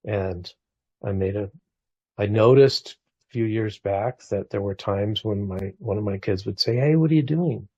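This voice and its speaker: A man's voice: on the low side, fairly even intonation, measured pace, husky, no room sound, muffled recording. A man in his forties talking reflectively in a casual conversation, full of restarts and small asides. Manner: reflective, warm storytelling with frequent restarts.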